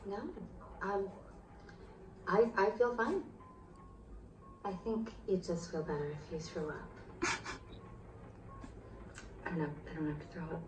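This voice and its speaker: An actress plays an uneasy woman in a comedy film who talks slowly and haltingly. The clip sounds distant and roomy, and faint music plays under it. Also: on the low side, close to an everyday voice. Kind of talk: film dialogue.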